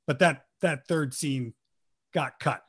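A man who talks casually on a podcast, telling an animated, profane story about a scene he acted in. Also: fairly high pitch, takes it slowly, husky. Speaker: guest actor recalling a role.

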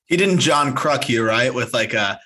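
A man's voice: medium pitch, animated, normal speed, pushed and bright, slightly rough. A man hosting a casual interview, upbeat and laughing often as he asks quiz-style questions. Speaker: host, interviewer.

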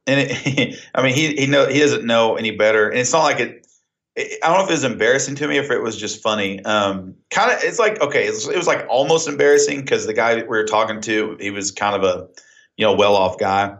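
A man's voice: mid-range voice, a little fast. A man from Oklahoma with a Southern Oklahoma accent, telling stories in a casual podcast chat and laughing often. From Oklahoma, USA. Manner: animated storyteller, laughs often. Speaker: podcast guest. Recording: dull lo-fi sound.

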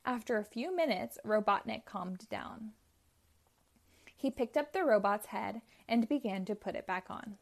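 A woman reading a children's chapter book aloud in a slow, clear, expressive way. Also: mid-range voice. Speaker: storyteller.

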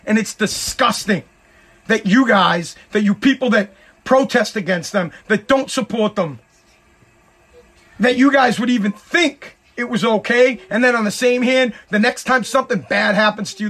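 Podcast host, male, high-pitched voice worn hoarse, heated profane rant. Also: normal speed, fairly bright tone. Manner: heated, profane, repetitive ranting. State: hoarse, voice nearly gone. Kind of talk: ranting podcast monologue.

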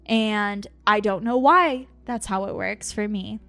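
A woman's voice: medium pitch, takes it slowly, vocal fry, a bit bright, dry recording. A woman who hosts a podcast and works as a medium, telling a candid personal story in a casual way and laughing often.

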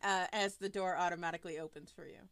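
A woman's voice: on the low side, fairly even intonation, quick pace, crowd noise. A woman running a tabletop horror game as game master, laughing often and using many fillers.

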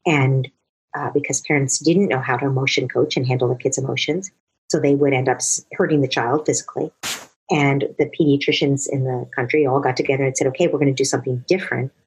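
A woman's voice: extremely low pitch, steady tone, fast, slightly rough, low-quality recording. A woman giving a long earnest explanation of child discipline as a parenting expert, now and then acting out parents and children. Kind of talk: explanatory talk answering a question.

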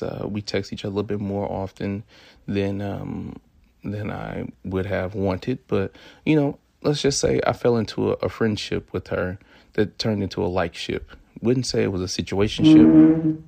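Young man, low gravelly voice, dry close sound, casual storytelling, swears freely, acts out dialogue. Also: darkish tone, dry recording. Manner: loose and profane, acting out quoted dialogue.

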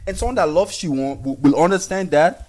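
Animated man telling stories on a podcast. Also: a little high, brisk. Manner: animated storyteller, repeats words. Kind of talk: casual podcast chat.

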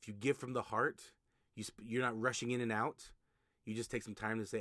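A man's voice: mid-range voice, little pitch movement, brisk, bright, forceful tone, dry recording, clean studio sound. A man hosting a solo podcast, giving casual advice in a conversational way, often restarting his sentences. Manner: conversational, repeats himself, frequent restarts and fillers. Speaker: podcast host, notary signing agent.

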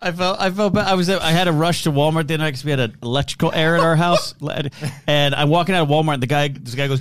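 Male podcast guest, quick-witted and jokey, slightly high, dry close mic. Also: a bit bright, clean tone, no room sound. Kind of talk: casual podcast banter.

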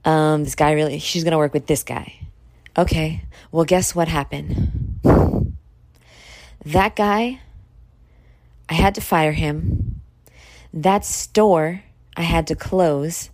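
Woman in her thirties, solo podcast host; deep voice, candid and profane, rambles casually. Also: slow pace, long pauses, darkish tone, no echo. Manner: candid, blunt, rambling with fillers and swearing.

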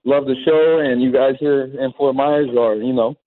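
A man calling in to a sports radio show, eager and a bit halting. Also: medium pitch, steady tone, no room sound. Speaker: caller. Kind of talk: call-in. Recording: tinny phone line.

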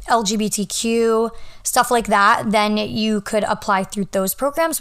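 A woman's voice: medium pitch, clear, resonant tone. A young woman in her twenties, a law student hosting a podcast, talking in a rambling, casual way full of "like" and "um". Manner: rambling, chatty, frequent "like" and "um". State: yawning, a little tired. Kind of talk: casual solo podcast chat.

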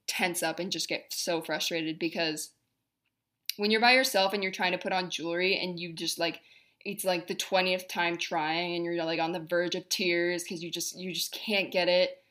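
Young woman rambling on her podcast, kinda low-pitched, fed up and chatty. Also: fairly bright tone. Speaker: podcast host. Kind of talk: casual monologue.

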